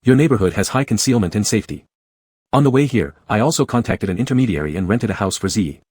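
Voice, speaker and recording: Man doing protective young guy, earnest, reassuring, low husky voice. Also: expressive, quick pace, a little mellow, no room sound, studio quality.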